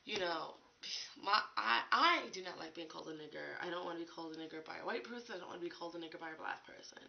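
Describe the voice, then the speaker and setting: A young woman talking casually to a webcam, animated and full of "you know" and "like". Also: fairly low pitch, quick pace, creaky. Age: young adult. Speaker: vlogger. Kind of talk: casual opinion vlog. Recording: dull lo-fi webcam audio with faint hiss.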